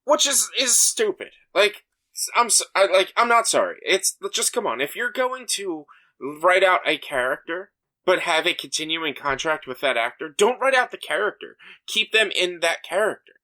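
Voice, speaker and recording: A man's voice: sits high, very animated, normal speed, pushed and bright. A young man co-hosting a podcast in casual chat, talking emphatically with many fillers and restarts. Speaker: podcast co-host.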